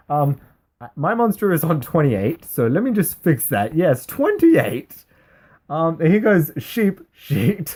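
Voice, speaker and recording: A man giving casual, rambling commentary over a replay of a card game duel, often laughing as he goes. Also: fairly high pitch. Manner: rambling, giggly, excitable.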